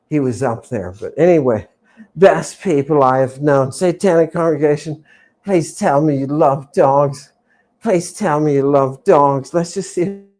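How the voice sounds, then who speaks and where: Slow, theatrical woman lecturer. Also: a bass voice, a little mellow. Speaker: host. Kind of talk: livestreamed lecture to a chat audience.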